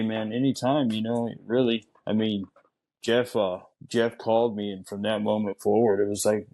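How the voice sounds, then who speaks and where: A man speaking as a podcast guest, earnest and a little rambling, filling his talk with "you know." His voice is low. His delivery stays flat and even, with little rise or fall. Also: poor audio. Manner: earnest, repeats himself, fills with you know. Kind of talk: casual chat.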